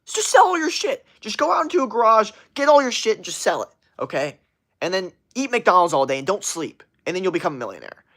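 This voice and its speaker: A man doing a high, shouting impression of a pushy middle-aged hustle guru, yelling orders in a repetitive way. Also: sing-song, fast, full character voice.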